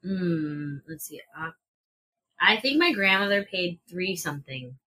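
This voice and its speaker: A woman with a lowish, sharp-toned voice co-hosts a podcast, sounding animated but unhurried. Recorded on a podcast mic in a shared room, she chats casually, swears and reads out prices while taste-testing food.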